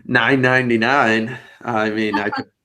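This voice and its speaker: A man's voice: medium pitch, level tone, unhurried, bright, forceful tone. A man hosting a podcast over a video call, talking casually and at length in a rambling way. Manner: rambling, talkative. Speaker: podcast host.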